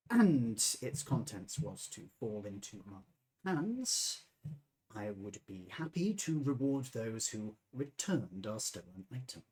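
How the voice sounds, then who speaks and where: A man's voice: medium pitch, a little mellow, husky, voice pushed down, exaggerated voice. A man voicing a formal, scheming male German banker with a put-on German accent that keeps drifting. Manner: formal, hesitant, discreet.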